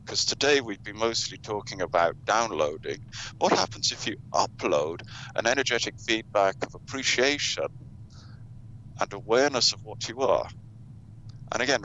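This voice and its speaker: A man guiding listeners through a meditation, gently coaxing and asking them what they feel. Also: lowish voice. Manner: gentle, coaxing, asks questions. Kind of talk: guided meditation talk. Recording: dull, lo-fi sound with faint noise.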